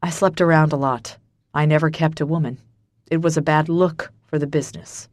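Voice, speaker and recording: A woman narrator voicing a brooding mafia boss with a low, gravelly voice, in an audiobook. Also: fairly even intonation, normal speed, no room sound, lightly acted. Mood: flat. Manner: quiet, clipped, bitter.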